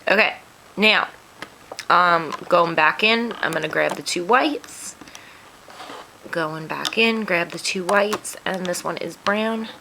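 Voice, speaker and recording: A woman's voice: on the low side, slow, vocal fry, noisy background. A woman hosting a craft tutorial, walking through each step in a chatty, self-deprecating way while sniffling. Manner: chatty, self-deprecating, talks through her hands-on work.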